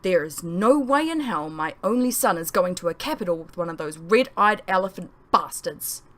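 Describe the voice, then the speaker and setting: A gruff nobleman with a raised, scornful voice, put on by a woman reading her story aloud. He blusters and sneers, pushing every line hard. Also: lowish voice, animated, normal speed. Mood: contemptuous. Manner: loud, blustering, derisive. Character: gruff bigoted male lord, angry father.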